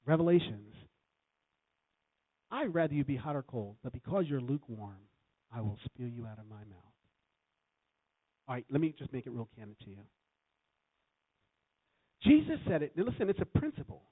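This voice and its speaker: A man's voice: mid-range voice, very animated, normal speed, long pauses, no room sound. A man preaching a sermon, quoting scripture and telling a story, with emphatic swells on key lines. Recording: tinny phone-like recording.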